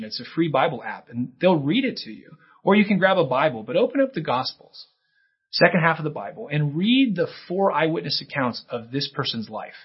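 A man's voice: on the high side, husky, highs cut off. A man preaching a sermon as pastor, earnest and emphatic, often pushing his voice up for emphasis.

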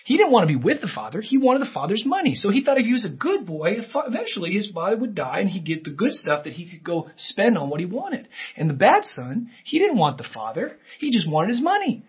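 A man's voice: sits high, huge pitch swings, fairly quick, hardly any pauses, slightly rough, highs cut off. A male pastor preaching a sermon, telling stories and acting out the characters' voices. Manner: storytelling with acted-out character voices.

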